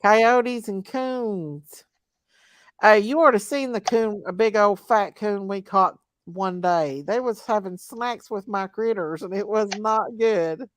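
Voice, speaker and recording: A woman's voice: mid-range voice, slow, dry recording. A woman hosting a casual late-night livestream chat, chatty and laughing often, with a drawling country way of talking. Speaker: channel host.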